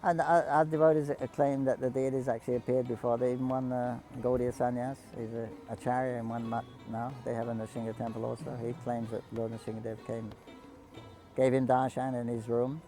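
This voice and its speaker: A man casually telling devotional stories to a group, halting often with restarts, coughs and throat clearing. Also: mid-range voice, flat delivery, music in the background, poor audio. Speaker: storyteller speaking to pilgrims.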